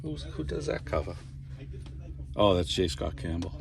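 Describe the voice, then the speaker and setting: A man chatting casually in a comic book shop, rambling and animated, laughing often. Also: deep voice, normal speed, creaky, noisy background. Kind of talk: casual chat.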